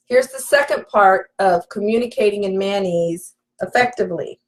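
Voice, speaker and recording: A woman's voice: medium pitch, a bit bright. A woman relationship coach giving an emphatic live session, talking straight to her audience. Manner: emphatic, preacherly, addresses audience directly.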